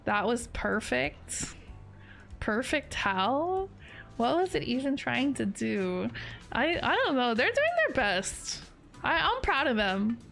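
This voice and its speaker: A woman's voice: on the high side, big pitch swings, slow, gravelly, a bit bright, soft background music. A woman streaming a game, chatting casually in a giggly, playful way. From Canada. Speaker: VTuber streamer. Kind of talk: casual gaming stream chat.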